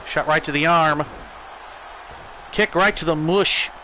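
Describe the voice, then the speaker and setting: An American man streaming a wrestling video game, giving excitable play-by-play commentary. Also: a little high, slow, slight background noise, poor audio. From United States.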